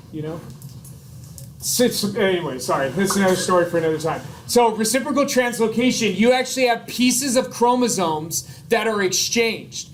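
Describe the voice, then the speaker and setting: Male lecturer, high voice, chatty and joking, classroom lecture, faint hum behind. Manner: chatty, jokey asides, frequent "like" and "right?". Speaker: college biology lecturer.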